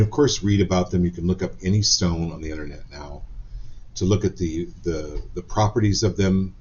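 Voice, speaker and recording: A man hosting a live-stream card reading, talking gently and encouragingly with frequent ums and restarts. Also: low-pitched, muffled recording, a little hiss or hum. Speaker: psychic card reader.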